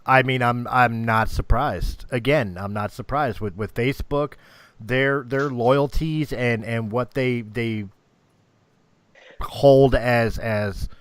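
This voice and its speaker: A man guest on a casual podcast who laughs a lot and talks haltingly, repeating words. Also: mid-range voice, steady tone, clean tone, no echo. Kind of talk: casual chat.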